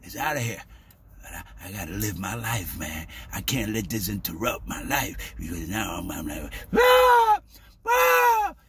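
A man talking casually to the camera in a preachy, animated way, stumbling over repeated words and dropping in "man" and "baby". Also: low voice, moderate pace. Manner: street-style grammar, says "man" and "baby". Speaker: vlogger. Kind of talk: casual spoken monologue.

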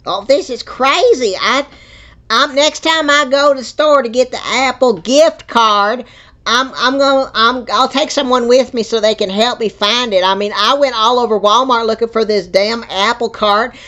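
A man's voice: extremely high pitch, moderate pace, bright, forceful tone. A man voicing a flustered, easily confused older woman who rambles and repeats herself on a muffled call. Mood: exasperated. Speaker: scam baiter. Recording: muffled phone-call audio.

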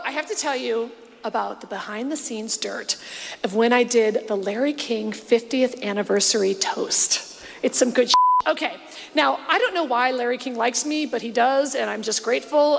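A woman comedian doing a live stand-up set, telling gossipy stories and mocking people with quick impressions. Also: fairly high pitch, creaky. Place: large theater stage before a live audience. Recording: live hall recording with crowd noise.

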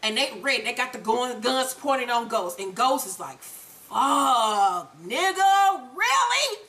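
A woman with a high, bright voice recaps a TV episode in casual chat. She tells it in an animated, profane way and acts out each character's lines as she goes. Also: normal speed. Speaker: show recap host.

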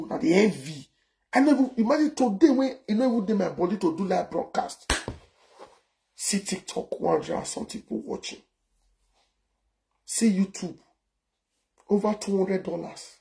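A Nigerian man in his forties hosting a casual live stream, talking in an animated way and firing off repeated rhetorical questions. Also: high-pitched, gravelly. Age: 40s. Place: indoors abroad, cold.

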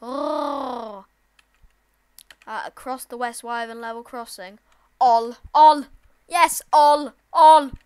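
A woman giving casual, excitable let's-play commentary with sudden loud outbursts. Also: high voice, clean tone. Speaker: gaming channel host.

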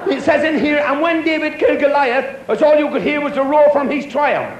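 A man's voice: very high-pitched, a little fast, lo-fi sound, pitched above the performer's own voice. A man voicing a cheeky, foul-mouthed schoolboy, bluffing and crude, in an echoey club. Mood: cocky. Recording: echoey club with crowd and noise.

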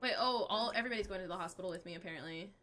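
A young adult woman streaming a game live, chatting with viewers and reacting aloud in an excitable, chatty way. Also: mid-range voice, very fast.

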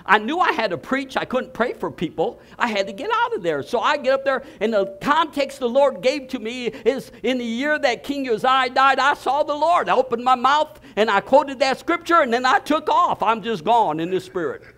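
High-voiced, excitable male preacher. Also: normal speed, hardly any pauses. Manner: excitable storytelling preacher, bursts of shouting and laughter. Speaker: pastor. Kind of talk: sermon.

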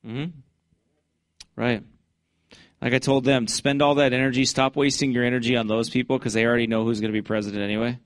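Fiery man preaching, mid-pitched, bursts loud on scripture, dry close sound. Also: level tone, a little fast, long pauses, no room sound. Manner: fervent, swings to loud high-pitched bursts when reading scripture. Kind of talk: fiery Baptist sermon.

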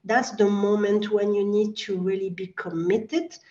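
A woman's voice: medium pitch, fairly even intonation, a little slow, dark tone, far from the mic. A woman being interviewed as an animal communicator, speaking earnestly and reassuringly with slightly non-native phrasing. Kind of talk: interview conversation. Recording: echoey, dull lo-fi sound.

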